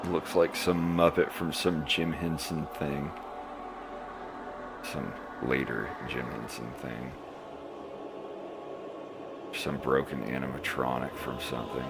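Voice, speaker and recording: A male streamer chatting casually on a live stream, who laughs often and bursts into loud, excited mimicry. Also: very deep voice, takes it slowly, gravelly, pauses often, over loud music.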